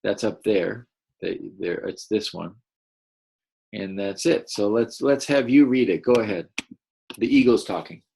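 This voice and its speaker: A man teaching a first-grade class, reading a picture book aloud and gently encouraging the children to read along. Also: lowish voice, measured pace, vocal fry, slightly rough. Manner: gentle, encouraging, explains as he goes.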